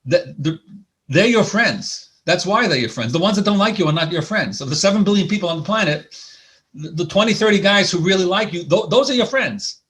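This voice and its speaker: A man's voice: high-pitched, lively intonation, brisk, fairly bright tone. Man lecturing with many restarts. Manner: conversational with frequent restarts and repeated words. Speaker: couples therapist. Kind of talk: lecture presentation. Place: lecture hall.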